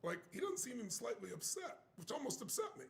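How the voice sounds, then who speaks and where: An older man telling a story in an emphatic, animated way. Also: extremely high pitch, fast, gravelly. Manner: emphatic, acts out quoted voices.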